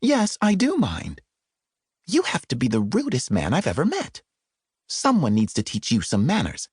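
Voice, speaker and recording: A man voicing an angry, sharp-tongued young woman in an audiobook, scolding and indignant. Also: on the high side, huge pitch swings, slow, husky, dry recording, clean studio sound, pitched above the performer's own voice, heavily acted. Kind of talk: audiobook character voice.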